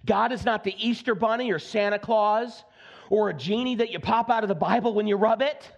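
A man's voice: sits high, brisk, gravelly, lo-fi sound. A male pastor preaching a sermon in a conversational, joking way, with frequent asides and repeated phrases for emphasis.

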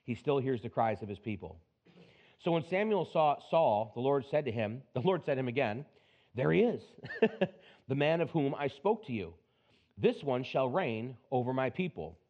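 Male pastor, conversational preaching with animated storytelling, mid-pitched, slightly dull lo-fi sound. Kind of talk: sermon with scripture reading.

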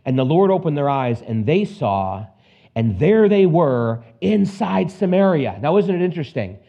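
A man preaching an expository Bible sermon, animated, acting out scenes with quick put-on voices and casual asides. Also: fairly high pitch, gravelly. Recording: dull lo-fi recording.

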